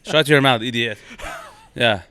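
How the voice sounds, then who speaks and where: A man's voice: mid-range voice, unhurried, bright, forceful tone, smooth, dry recording. A man voicing a brash, boastful realtor with a Persian accent who barks insults. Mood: mocking. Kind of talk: comedy character bit.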